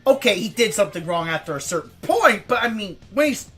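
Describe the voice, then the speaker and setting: A woman's voice: high-pitched, a little fast, a bit bright, soft background music. A woman streamer chatting casually, ranting and swearing with frequent laughter.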